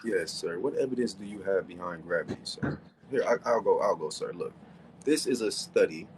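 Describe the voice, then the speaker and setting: A man's voice: low voice, lively intonation, moderate pace, background noise. A man hosting a casual debate stream, mocking his opponent and reading sources aloud with heavy emphasis.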